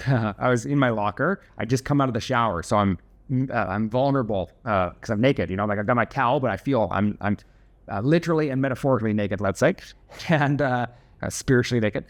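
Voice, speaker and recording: A man's voice: medium pitch, a little fast. A young man casually telling a personal story to camera, chatty and self-deprecating, with lots of fillers and restarts.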